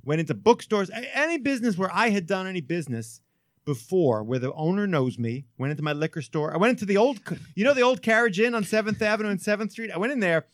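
Animated, high-voiced talk radio host. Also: male voice, fast talker, no echo, studio quality. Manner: animated, swearing, rambling storyteller. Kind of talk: casual talk radio banter.

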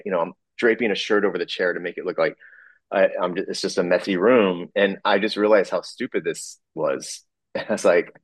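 A man telling a personal story in a halting way, full of fillers, restarts and small chuckles. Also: low voice, no echo.

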